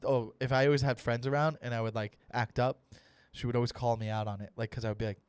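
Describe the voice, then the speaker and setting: Loud, ranting young comedian. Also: male voice, fairly low pitch, steady tone, quick pace, clean tone, dry recording, clean studio sound. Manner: loud, emphatic, profane and mock-serious. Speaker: comedian hosting his own podcast. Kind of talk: solo comedic rant.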